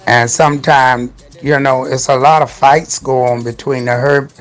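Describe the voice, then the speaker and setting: A man hosting a casual radio show, with a mid-pitched voice. He gives shout-outs in an upbeat, loose and slangy way, with faint music playing behind him. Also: steady tone, moderate pace. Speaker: radio host.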